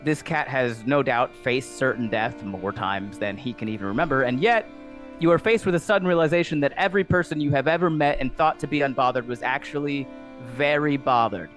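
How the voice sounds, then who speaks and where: A man narrating a tabletop game as dungeon master, in a playful, animated way. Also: mid-range voice, fairly quick. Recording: music underneath.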